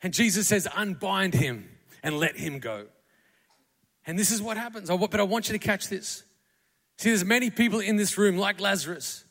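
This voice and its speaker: A man's voice: sits high, fast talker, fairly bright tone. A man preaching a conversational sermon in a church, acting out the quotes as he tells the stories. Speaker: pastor. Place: church auditorium. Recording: long hall reverb.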